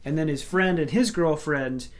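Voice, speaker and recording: Male film-review co-host, animated retelling, stumbles and restarts often. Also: fairly high pitch, moderate pace. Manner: animated storytelling with many restarts. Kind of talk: casual chat.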